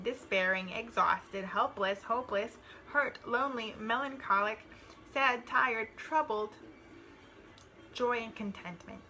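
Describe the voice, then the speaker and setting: A woman reading out a worksheet and working through an exercise, slow and hesitant with many pauses and ums. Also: on the high side, sharp tone, rough recording. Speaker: student reading coursework aloud.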